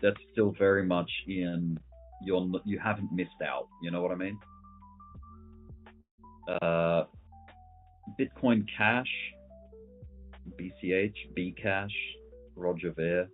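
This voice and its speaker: A man's voice: low-pitched, fairly even intonation, slow pace, pauses often. A man hosting casual crypto market commentary, laid-back and slangy, thinking aloud as he scrolls through charts. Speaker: host. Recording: phone-like lo-fi audio with faint music.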